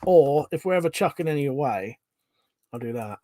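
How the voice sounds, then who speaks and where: A man's voice: on the high side, lively intonation, fairly quick, mellow, dry recording. Chatty Home Counties man, dry close sound. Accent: English Home Counties. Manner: rambling, chatty, chuckles often, swears casually. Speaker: livestream host. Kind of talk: casual livestream chat, reading out viewer comments.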